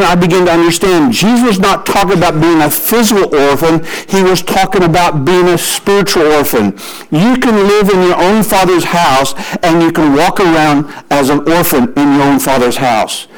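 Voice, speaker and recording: High-voiced preacher man on radio. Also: rough recording. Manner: storytelling preacher who shifts pace for emphasis. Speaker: pastor. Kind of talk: sermon.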